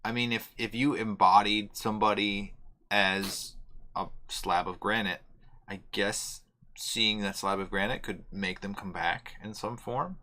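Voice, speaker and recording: A man with a low but bright, forceful voice chats casually on a podcast. He mostly gives short reactions and drops dry jokes. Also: fairly even intonation, measured pace. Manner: brief reactions and wry jokes. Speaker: podcast co-host. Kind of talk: casual chat.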